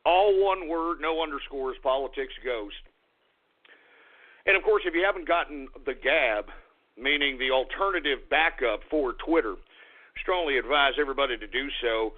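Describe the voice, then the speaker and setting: A man's voice: medium pitch, normal speed. A man hosting a radio talk show who theatrically scolds an unseen engineer and his dog between announcements. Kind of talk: comedic call-in radio monologue. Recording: tinny phone-line audio.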